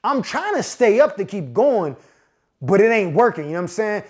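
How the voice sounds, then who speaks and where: Lively high-voiced storytelling man. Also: normal speed. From Pittsburgh, USA. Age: 40s. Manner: animated, slangy, acts out the people in his story; frequent asides of "you know what I'm saying". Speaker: podcast host. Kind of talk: casual comedic storytelling.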